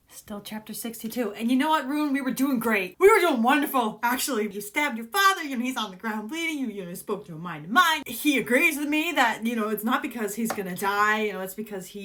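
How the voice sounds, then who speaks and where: A young woman chatting excitedly about a book she is reading, scolding its characters as if they could hear her. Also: on the high side. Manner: excitable, chatty, talks straight to the book's characters. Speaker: book reaction vlogger. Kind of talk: casual reading reaction.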